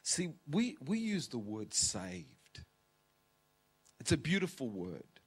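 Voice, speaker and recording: A pastor in his fifties preaches in a large auditorium, his medium-pitched, slightly rough voice swooping wildly up and down. He is emotional and near tears, using dramatic pauses and sinking into whispers.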